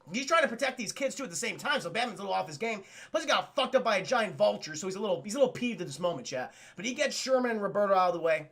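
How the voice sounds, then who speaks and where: Male streamer, high voice, gravelly fry, foul-mouthed rambling commentary to chat. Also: sharp tone. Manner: profane, rambling, keeps addressing the chat. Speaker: streamer reviewing a cartoon. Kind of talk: casual live-stream commentary.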